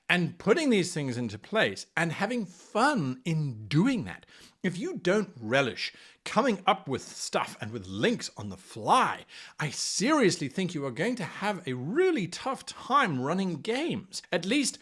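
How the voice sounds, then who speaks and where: Enthusiastic male game-master coach, high voice, wide swoops, acts out players. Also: a little slow, husky. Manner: animated, playfully acts out players and dabbles in accents. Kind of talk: enthusiastic advice video.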